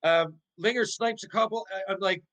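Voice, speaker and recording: A middle-aged man whose voice sits high speaks at a moderate pace in a low-quality recording. A former pro hockey player and podcast guest, he tells stories casually, animated and swearing, restarting often and asking rhetorical questions.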